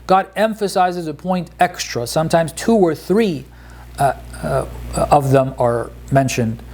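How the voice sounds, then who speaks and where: A man's voice: a little high, unhurried, a little mellow, slight background noise. Man explaining scripture grammar, hesitant. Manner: explanatory, hesitant, many fillers and restarts. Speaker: Quran teacher. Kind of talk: informal lesson on Quranic grammar.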